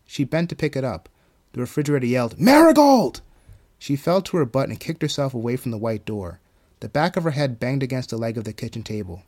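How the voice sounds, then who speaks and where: A man narrating his own horror story in a calm, even storytelling manner. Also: medium pitch.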